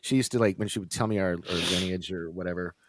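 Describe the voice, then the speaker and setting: A man with a lowish voice, chatting loosely and joking as he goes. He rambles and stops to read the live chat. The sound is close and dry, with no room around it. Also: quick pace, dry recording. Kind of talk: casual chat.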